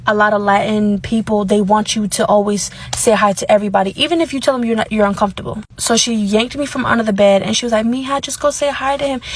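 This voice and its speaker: A woman rattles through a personal story at a quick clip, blunt and candid in a casual storytime way. Her telling is animated and indignant, and she swears now and then. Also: medium pitch, slightly rough.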